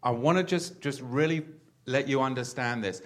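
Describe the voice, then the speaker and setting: A man hosting a religious teaching talk with a guest, his voice at an ordinary pitch for a man. He often repeats words as he works out his phrasing. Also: moderate pace. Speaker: host.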